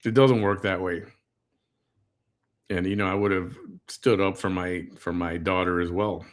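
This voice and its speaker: A man's voice: deep voice, steady tone, unhurried. A middle-aged man, hosting a casual reaction commentary, blunt and indignant as he tells stories. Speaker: host.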